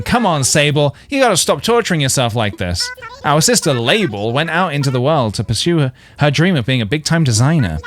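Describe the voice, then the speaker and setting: A man's voice: medium pitch, a bit bright. A man voicing a cheerful female hedgehog shopkeeper in a video game, upbeat and encouraging.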